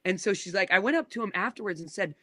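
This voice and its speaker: A man in his thirties who works as a pastor, telling a long story in casual conversation. His voice is bright and a little high for a man, and he rambles with asides and restarts. The recording is dry and close. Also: quick pace, dry recording.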